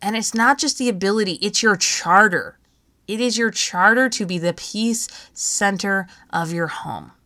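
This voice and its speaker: A woman's voice: mid-range voice, measured pace, bright, forceful tone. Chatty laughing woman podcast host. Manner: chatty, laughs often, playful asides. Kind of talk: casual podcast talk.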